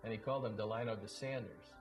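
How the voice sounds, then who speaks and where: Low-voiced man spinning a story. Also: fast talker, over music, low-quality recording. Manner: relaxed raconteur, briefly mimics others in quotes. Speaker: former baseball broadcaster. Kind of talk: anecdotal storytelling.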